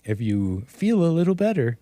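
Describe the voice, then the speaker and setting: A man's voice: on the high side, sing-song, normal speed, mellow, no echo. A man hosting a livestream, ranting and joking in casual commentary, laughing often. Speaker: streamer host.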